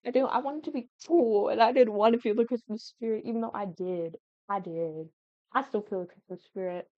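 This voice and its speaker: A woman's voice: medium pitch, fairly quick, no echo. A 19-year-old woman chatting casually at home over gameplay, rambling and giggly, jumping from thought to thought. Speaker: gaming YouTuber. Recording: dull lo-fi dry sound.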